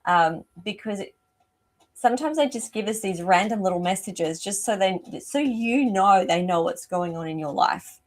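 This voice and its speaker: A woman's voice: mid-range voice, expressive, normal speed. A middle-aged woman, hosting a live psychic reading as an animal communicator, chatting effusively and often breaking off mid-sentence. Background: rooster crowing outside.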